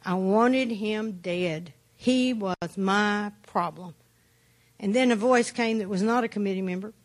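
In an unhurried, medium-pitched voice, a woman gives a personal testimony talk about her recovery. She tells her story bluntly and plainly, with dry humor.

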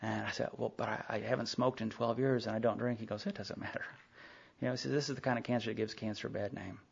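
A man's voice: on the low side, steady tone, fast talker, gravelly, breathy edge. A middle-aged man giving a rambling personal talk at a recovery meeting, full of fillers and quoted dialogue. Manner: rambling storytelling with many fillers, quoting others. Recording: dull lo-fi recording.

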